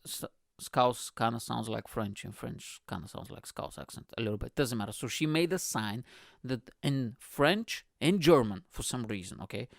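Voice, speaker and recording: A man's voice: mid-range voice, expressive, moderate pace, vocal fry, no room sound, clean studio sound. A man from Bulgaria, hosting a podcast in a rambling, profane comedic rant full of vocal sound effects. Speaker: podcast host.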